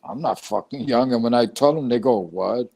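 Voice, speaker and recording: A man's voice: medium pitch, brisk, creaky, a little mellow. Blunt older New York man. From New York, Puerto Rican family. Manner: profane, blunt storytelling, chuckles often. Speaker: live show panelist. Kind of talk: casual chat.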